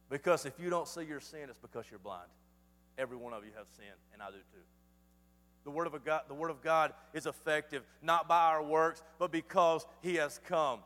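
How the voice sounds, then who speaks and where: Male pastor, high voice, passionate sermon delivery with hushed drops and repetition, long church-hall reverb. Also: moderate pace. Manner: passionate preaching with sudden soft drops and repeated phrases.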